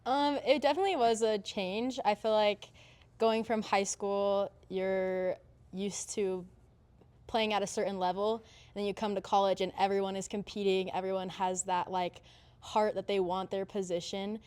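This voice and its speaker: A woman's voice: mid-range voice, steady tone, normal speed, a little mellow, clean tone. A young woman of about twenty from Utah, a college volleyball player, answering in a laid-back way with short answers and fillers. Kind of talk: casual interview.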